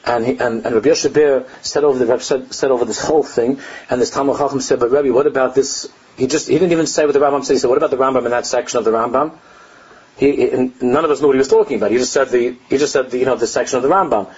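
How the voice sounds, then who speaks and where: A man's voice: mid-range voice, very fast, a little mellow, husky. An older man, a rabbi giving a Torah class, telling stories animatedly, laughing at his own anecdotes and mixing Hebrew and Aramaic phrases into his English. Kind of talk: Torah lesson with storytelling. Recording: dull lo-fi recording.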